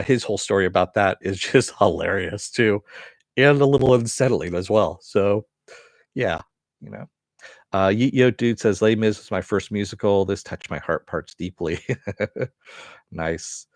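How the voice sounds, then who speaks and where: A man with a fairly low voice talks through a TV episode in a loose, rambling review. He fills gaps with uhs and small laughs and swears casually. The sound is dry and close, with no room echo. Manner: rambling recap with many fillers and chuckles.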